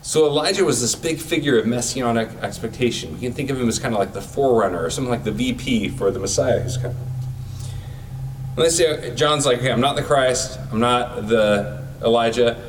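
A man's voice: medium pitch, lively intonation, fast, distant mic, slight background noise, low-quality recording. A man giving a sermon in a casual, conversational way, using everyday comparisons. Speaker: preacher.

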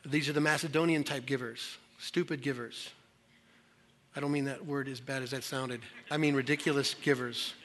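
A man's voice: mid-range voice, steady tone, normal speed, fairly bright tone. A man pastor preaching a conversational, emphatic sermon to a church service.

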